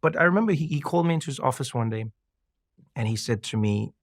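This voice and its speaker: Animated male storyteller, dry close sound. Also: medium pitch, fast, no room sound. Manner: animated, laughs often, repeats and restarts when excited. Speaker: guest. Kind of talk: storytelling in a conversational interview.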